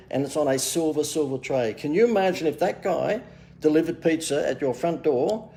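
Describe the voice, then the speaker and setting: A man's voice: fairly high pitch, warm tone, echoey room. A man giving a casual live talk on his phone, bantering and joking about himself as a marketing coach. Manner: jokey, self-mocking salesman banter. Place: outdoors near a harbour. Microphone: phone camera.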